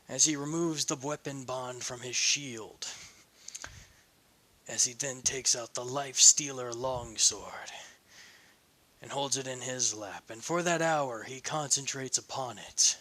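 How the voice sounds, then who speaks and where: A man narrating an improvised fan story in a slow, ad-libbed way, with hums and restarts. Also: mid-range voice, bright, forceful tone.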